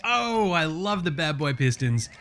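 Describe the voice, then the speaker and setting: An Australian man hosting a casual sports chat, excitable and full of profane, matey banter. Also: a little high, a little slow, soft background music. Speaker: sports show host.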